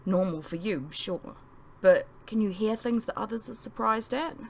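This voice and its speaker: A sly, red-eyed man talking in a low, conspiratorial murmur, as a woman puts him on while reading. His words stay quiet and close, amused and knowing. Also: moderate pace, vocal fry. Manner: hushed, conspiratorial whisper.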